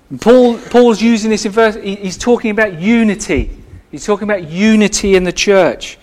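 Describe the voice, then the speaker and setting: A man's voice: high-pitched, moderate pace. A man preaching a sermon as the church's pastor, earnest and emphatic, repeating phrases and restarting his sentences.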